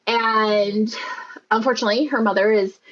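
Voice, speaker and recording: Female podcast guest, fairly high voice, lively storyteller, muffled lo-fi sound. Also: moderate pace. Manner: storytelling, acts out quoted voices. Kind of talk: casual podcast chat.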